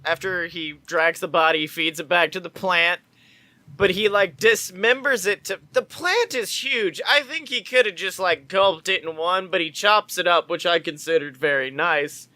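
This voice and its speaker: A man's voice: high voice, moderate pace, sharp tone, no room sound. A man co-hosting a podcast in casual chat, loose and profane, laughing often. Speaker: podcast co-host.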